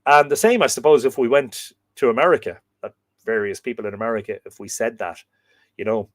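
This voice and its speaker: A man's voice: fairly low pitch, quick pace, no echo. An Irish man hosting a live show, reading old myths aloud and wandering into chatty, humorous asides, recorded in a room at home with bookshelves. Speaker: podcast host and reader.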